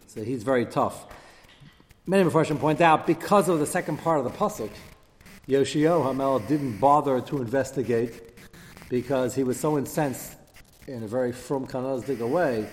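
Animated man teaching a Torah class. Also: medium pitch. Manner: animated, acts out quotes, quick asides. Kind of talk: Torah class lecture with questions. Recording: reverberant hall with faint background noise.

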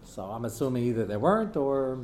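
A man teaching a relaxed Talmud class at a middle pitch. He reads passages aloud and then explains them in plain, chatty talk. He stops to take questions from his students as he goes. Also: brisk, a little hiss or hum. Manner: conversational, answers students' questions, drops Hebrew terms. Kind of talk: casual Talmud lesson.

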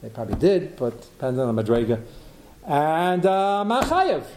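A man's voice: mid-range voice, wildly swooping pitch, brisk, darkish tone, slight background noise. A man teaching a Talmud lecture who thinks aloud, asks rhetorical questions and mixes in Hebrew terms. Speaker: Torah teacher.

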